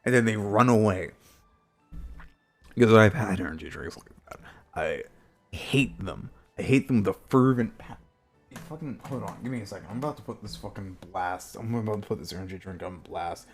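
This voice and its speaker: A man streamer ranting casually and heatedly with lots of swearing, jumping into high silly voices to mimic people. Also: moderate pace, faint music behind. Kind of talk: casual rant on a live stream.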